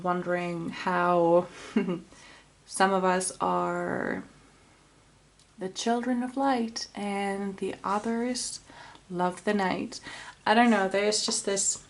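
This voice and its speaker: A woman giving a casual tarot reading, dreamy and rambling with sighs. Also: medium pitch. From Finland. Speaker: tarot reader.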